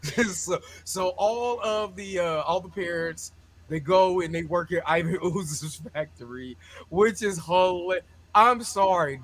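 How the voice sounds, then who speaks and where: A man hosting a casual movie review chat, animated and joking, full of slang; he has a son. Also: sits high. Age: adult parent. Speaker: show host.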